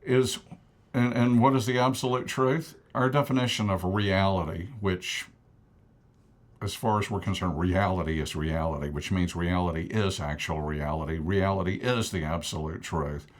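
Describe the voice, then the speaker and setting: A man's voice: low-pitched, normal speed. A man co-hosting a TV talk show, explaining his ideas emphatically with joking asides. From United States. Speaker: co-host and author. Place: local TV studio.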